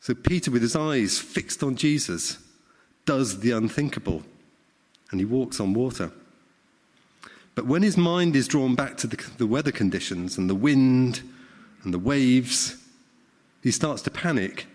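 A man's voice: mid-range voice, animated, unhurried, long pauses, a little mellow. A middle-aged man, preaching a sermon in a conversational way and often asking the congregation questions. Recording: long hall reverb.

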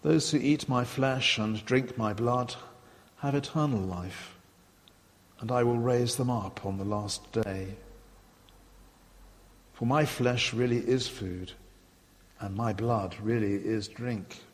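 Preacher, male, unhurried, reflective sermon voice with long church reverb. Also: mid-range voice, steady tone. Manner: measured, reflective, quoting scripture aloud. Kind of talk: sermon retelling scripture.

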